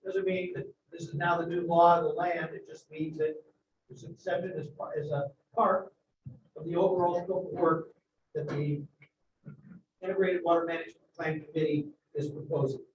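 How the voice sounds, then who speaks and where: A man at a meeting giving a measured explanation in answer to a question. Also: fairly high pitch, fairly even intonation. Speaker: committee member answering a question. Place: meeting room. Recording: echoey room, far-off muffled mic with noise.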